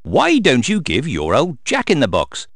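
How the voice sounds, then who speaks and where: A man's voice: medium pitch, huge pitch swings, unhurried, vocal fry, no echo, clean studio sound, pitched above the performer's own voice, exaggerated voice. A man voicing a jolly, bumbling father pig who sounds a little pompous.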